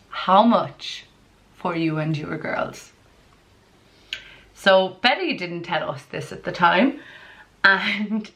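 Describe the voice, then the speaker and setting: A young woman telling a story to her camera, chatty and animated, with a rambling "like"-filled flow. Her voice sits a little low for a woman but rings bright and clear. She is recorded on a camera mic in her bedroom. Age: young adult. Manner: chatty and animated, heavy use of "like", frequent laughs. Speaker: vlogger. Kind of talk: storytime vlog.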